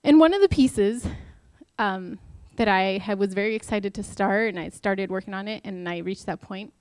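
A woman's voice: medium pitch, moderate pace, darkish tone, smooth, dry recording. Chatty woman giving a devotional talk. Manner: chatty and self-deprecating, acts out quotes. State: married. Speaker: Bible study speaker.

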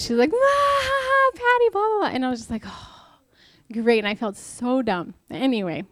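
On the high side and free of echo, a young woman's voice carries an informal devotional talk at church. She's chatty and candid, moving between personal stories and rhetorical questions.

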